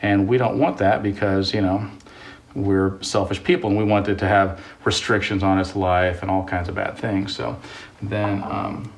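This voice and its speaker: A man's voice: fairly low pitch, fairly even intonation, normal speed, creaky, slight background noise. Chatty man on a roomy DIY vlog. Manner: chatty, rambling, jokey. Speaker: host, contractor. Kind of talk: casual DIY vlog with storytelling. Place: house under renovation. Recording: roomy sound from off-mic.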